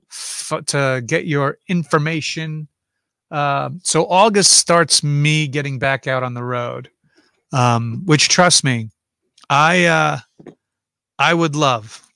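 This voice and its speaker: A man's voice: a little high, bright, forceful tone, smooth, dry recording, clean studio sound. A man hosting a casual livestream from home, chatting and rambling as he reads out viewer comments and answers them.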